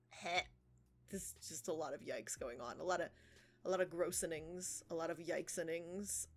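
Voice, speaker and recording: A woman's voice: lowish voice, normal speed. A woman livestreamer reading profiles aloud and reacting in casual commentary, sarcastic and swearing, laughing often. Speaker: art livestreamer.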